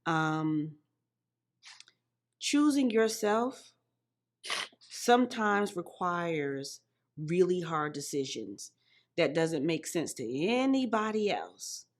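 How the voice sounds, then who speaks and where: A woman podcast host speaking in a measured, affirming way. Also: on the low side, lively intonation. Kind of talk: reflective encouraging talk.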